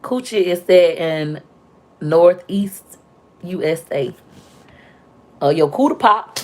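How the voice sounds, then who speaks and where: A young woman chatting loudly and talkatively with viewers on a casual live stream, telling stories with playful, animated quoted voices. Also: lowish voice, takes it slowly. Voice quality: loud, talkative. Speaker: livestream host.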